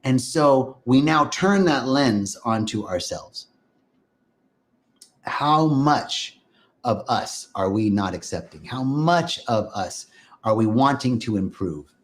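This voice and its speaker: Middle-aged guy doing a spiritual livestream talk, voice swings up and down a lot, gentle and sing-songy. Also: mid-range voice, slow pace. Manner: lively, sing-song, greets viewers by name. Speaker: livestream host and spiritual teacher. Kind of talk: live-stream teaching talk.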